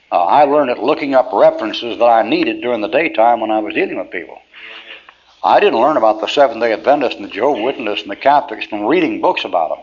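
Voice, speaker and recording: A man teaching a Bible class in a blunt, folksy, plainspoken way, with a middle-range voice. The recording is dull and lo-fi, like an old tape. A faint hiss runs underneath. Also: medium pitch. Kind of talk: classroom lecture.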